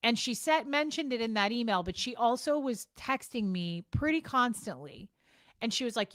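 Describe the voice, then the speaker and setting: A woman's voice: fairly high pitch, lively intonation, normal speed, fairly bright tone, no echo, studio quality. Frank, exasperated woman vlogger. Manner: frank and exasperated, swears, repeats herself. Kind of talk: casual talking-to-camera rant.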